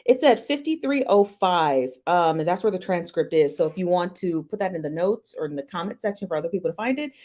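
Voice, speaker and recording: A woman's voice: fairly low pitch, animated, a little fast, hardly any pauses, a little mellow. A woman hosting a casual live-stream reaction show, chatty and slangy, greeting viewers by name one after another. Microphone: desk mic, close.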